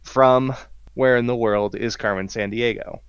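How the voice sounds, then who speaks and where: A man hosting a casual game between friends, reading out choices in a quick patter. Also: medium pitch, smooth, dry recording, dull audio. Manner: lively, offering choices in a list-like patter. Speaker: game host. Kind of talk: casual game-show banter.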